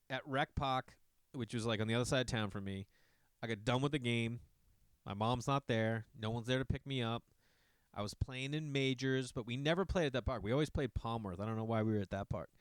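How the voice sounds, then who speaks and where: A man telling a long personal story in a casual, animated way, swearing often and jumping into asides. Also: mid-range voice, brisk, clear, resonant tone, no room sound.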